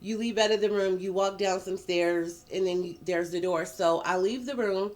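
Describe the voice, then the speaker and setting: A woman telling a personal story in a casual storytime vlog, animated and profane, dragging out words for emphasis. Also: medium pitch, normal speed. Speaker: vlogger.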